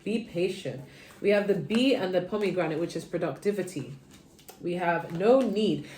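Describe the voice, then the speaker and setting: A woman reads tarot cards in a relaxed, chatty way, sounding tired from too little sleep. Her voice sits on the low side and drifts between quiet murmurs and sudden perky bursts. The room is echoey, with a faint background ambience. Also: normal speed, slight background noise. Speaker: tarot reader. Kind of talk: casual tarot reading.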